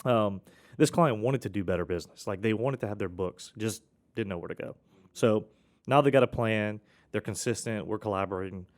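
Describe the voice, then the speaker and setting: A man with a lowish voice and slightly quick pace hosts a casual accounting podcast. He rambles through client stories, correcting himself, restarting often and coughing now and then.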